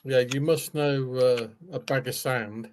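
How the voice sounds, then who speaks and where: A man's voice: mid-range voice, steady tone, measured pace, a crowd in the background. A man chatting casually on a livestream, teasing his co-host and quizzing her on slang. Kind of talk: casual chat.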